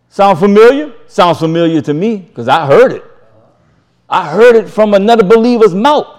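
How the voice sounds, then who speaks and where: A man preaching from scripture, his voice sitting a little high and swinging widely in pitch as he drives each point home. He talks casually and emphatically, repeating key phrases and breaking into chuckles between lines. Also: lively intonation, moderate pace, darkish tone. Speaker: Bible teacher. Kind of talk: scripture reading with sermon commentary.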